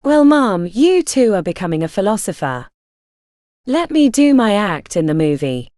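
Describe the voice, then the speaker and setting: A woman's voice: mid-range voice, very animated, normal speed, warm tone, no echo, clean studio sound, lightly acted. Curt impatient male director, as a woman reads him. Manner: brusque and demanding.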